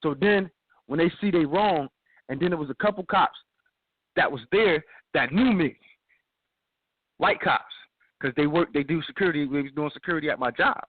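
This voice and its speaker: A man telling a story in a casual, animated way, acting out other people's lines and repeating himself. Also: fairly high pitch, normal speed, pauses often, a little hiss or hum. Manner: animated, repeats himself, acts out the cops' shouting. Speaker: radio show guest telling a story. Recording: dry tinny phone-like sound.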